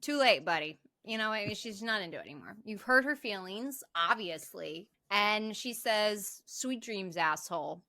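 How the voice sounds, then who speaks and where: A woman co-hosting a casual podcast, recapping a film scene by scene in a bright, forceful voice. She laughs often and acts out the characters' lines. The sound is dry and close. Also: medium pitch, lively intonation, moderate pace, hardly any pauses, no room sound. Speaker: podcast co-host.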